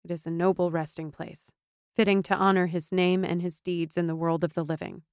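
A woman voicing a cold noblewoman whose voice climbs to a shrill, fearful pitch. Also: little pitch movement, fairly quick, a little mellow, smooth, dry recording, studio quality, natural voice. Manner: cold, rising to shrill rage.

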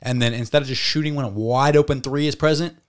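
A man riffing on basketball with a co-host, swearing freely and joking around. His voice sits in a middle pitch, and his talk is loose and animated. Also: fast talker, smooth. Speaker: podcast co-host. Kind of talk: casual sports chat.

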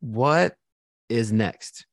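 A man hosting a podcast interview, asking relaxed follow-up questions one after another. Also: medium pitch, very slow, no room sound, clean studio sound. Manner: relaxed, asks several questions in a row. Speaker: podcast host.

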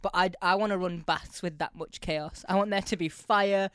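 A woman's voice: on the low side, fairly even intonation, moderate pace, a bit bright, clear, resonant tone. A woman co-hosting a podcast in casual chat, often laughing and mimicking scenes. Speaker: podcast co-host.

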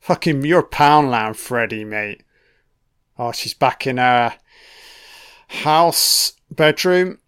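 Sweary film commentator. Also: male voice, mid-range voice, expressive, slow, long pauses, a bit bright, smooth. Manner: profane, sardonic running reactions. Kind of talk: casual audio commentary.

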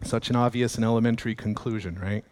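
A man's voice: fairly low pitch, steady tone, fast, a little mellow, long reverb tail. A man preaching a sermon as pastor, in a conversational way with chuckling asides.

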